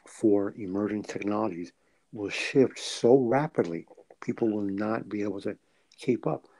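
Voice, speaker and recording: A man's voice: on the low side, warm tone, rough recording. A man co-hosting a casual podcast, speaking carefully and hesitantly as he chooses his words. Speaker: podcast co-host. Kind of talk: casual economics discussion.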